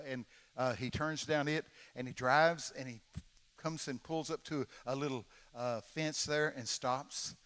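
Forceful elderly Texan preacher. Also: male voice, on the high side, clean tone. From Texas, USA. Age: 80s. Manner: folksy, dramatic, acts out voices. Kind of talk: storytelling sermon. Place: large church conference hall. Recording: long reverb of a large hall.

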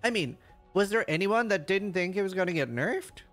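A man on a live stream reads game update notes aloud, rattling through them at speed and then jumping in with loud reactions. His pitch swings widely as he reacts. Faint music plays softly behind him. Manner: reads lines quickly, then reacts with loud excited outbursts. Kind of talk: livestream reading of patch notes with reactions.

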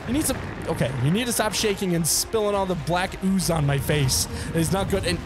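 A man's voice: sits high, fairly quick, noisy background. A man hosting a gaming video, chatting casually over gameplay, playful and giggly as he teases the enemy he is fighting. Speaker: gaming channel host. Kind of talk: casual let's play commentary. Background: game music.

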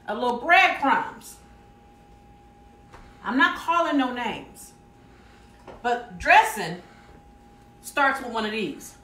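A woman's voice: a little high, a bit bright, slight background noise. A woman with a Southern American accent hosting a live cooking stream, folksy and chatty, talking straight to her viewers and reading their comments aloud. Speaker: cooking show host. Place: home kitchen. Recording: roomy kitchen audio, mic set some distance away.

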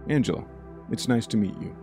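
A man's voice: lowish voice, fairly quick, music in the background, lightly acted. A man voicing a hesitant, apologetic young man in a spoken bedtime story. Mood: awkward. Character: young man, recovering drinker, a bit awkward.

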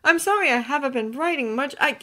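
A woman's voice: expressive, brisk, sharp tone. A woman voicing a prickly, easily flustered young man who snaps when bothered, in a fanfiction audiobook reading. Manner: high-strung and snappish.

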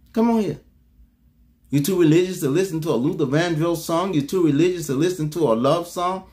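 A man preaching to his congregation in a fairly high voice. He talks like he is chatting with the room, calling out to the people and swinging between loud punches and quiet asides. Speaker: apostle preaching. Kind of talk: sermon.

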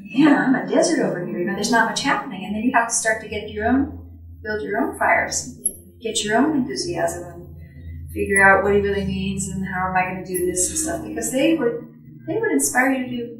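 A woman telling stories to an audience in an animated way, acting out her own past thoughts and often laughing. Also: medium pitch, brisk, faint music behind. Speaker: speaker sharing recollections. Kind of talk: storytelling talk to an audience. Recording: echoey hall from far off.

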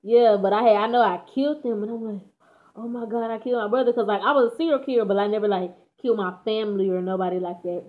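A woman's voice: medium pitch, steady tone, quick pace. A teenage girl from Texas telling a story in casual, slangy chat, laughing as she goes. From Dallas, Texas. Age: teens. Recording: tinny phone-like audio.

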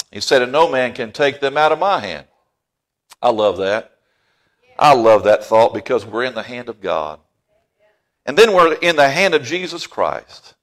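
A middle-aged man preaching a sermon in a church, folksy and joking with the congregation, rising to loud emphasis on key phrases. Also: medium pitch, very animated, unhurried. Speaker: pastor. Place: church sanctuary.

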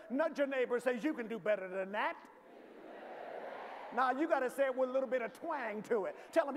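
A male pastor from the preaching a sermon in a large church, calling for responses and rising to shouts. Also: extremely high pitch, animated, fairly quick, a little hiss or hum. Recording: reverberant hall, faint ambience.

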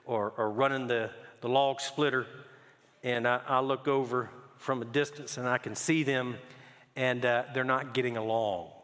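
A man's voice: mid-range voice, a bit bright. A man preaching a conversational sermon as a pastor, telling stories and often repeating words as he goes. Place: church sanctuary. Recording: long hall reverb.

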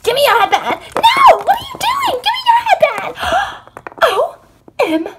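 A shrill, excitable cheerleader girl, as a young woman puts her on. Her voice shoots very high and swings wildly. It suits a homemade toy cartoon skit. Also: takes it slowly, a little hiss or hum, full character voice. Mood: frantic. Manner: shrill and frantic.

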